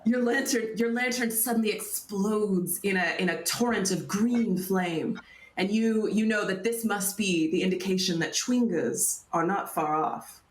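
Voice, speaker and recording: A woman's voice: medium pitch, a little slow, reverberant. A woman narrating a tabletop game as game master, giggly and stumbling over her words.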